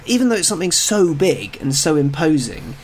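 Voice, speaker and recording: A man's voice: on the high side, very animated, fairly quick. A man co-hosting a casual podcast discussion, with dry jokes and wry asides. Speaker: co-host.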